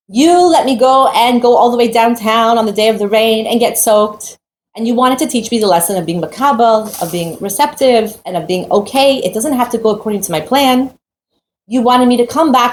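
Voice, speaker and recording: A woman teaching Torah through a lively personal story, acting out the voices of the people in it. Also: mid-range voice. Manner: animated storytelling, acts out quoted voices. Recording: roomy echo with faint background noise.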